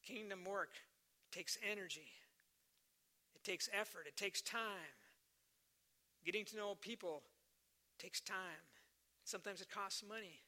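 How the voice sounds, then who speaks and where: A man's voice: high-pitched, measured pace, pauses often, sharp tone. A man preaching a sermon earnestly, repeating key phrases for emphasis and telling stories to make his points.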